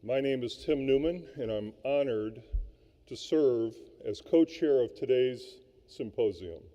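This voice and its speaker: Man, formal welcome speech, very dark mellow voice, echoey hall, dull lo-fi sound. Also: medium pitch, animated. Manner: measured, ceremonial introductions. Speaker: symposium co-chair. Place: large hall at a luncheon.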